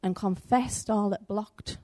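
Woman preacher, conversational church talk that slips into acting out the people in her story. Medium pitch, lively and chatty. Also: slow. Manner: animated, conversational, acts out the story's voices. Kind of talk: sermon with storytelling.

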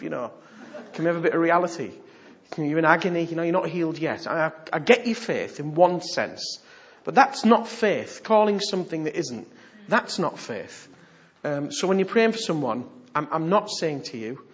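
A man preaching a sermon, animated and humorous, moving from hushed asides to loud exhortation. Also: fairly high pitch, moderate pace, dull audio.

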